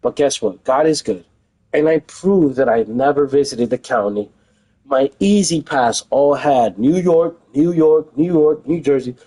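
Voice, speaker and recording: A man's voice: mid-range voice, measured pace, warm tone, poor audio. A young man streaming from home, talking in a heated, emphatic casual rant and repeating phrases for stress. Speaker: livestreamer.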